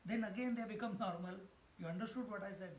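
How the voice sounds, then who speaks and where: A man's voice: sits high, fast, echoey room, poor audio. A man giving a spiritual discourse, chanting verses and then explaining them with stories and laughter. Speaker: swami giving a scripture talk.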